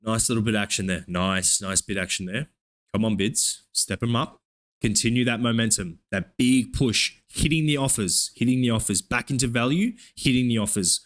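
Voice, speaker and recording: A young Australian man with an Australian accent live-streams futures trading, giving profane, hyped play-by-play commentary punctuated by excited oohs. His voice is mid-range and his pace moderate.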